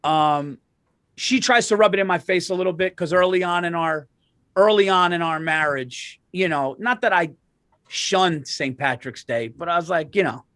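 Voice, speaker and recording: A man co-hosting a podcast, telling animated comedic stories with lots of swearing and restarts. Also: fairly high pitch, moderate pace, dry recording, clean studio sound. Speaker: podcast co-host. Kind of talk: casual comedic chat.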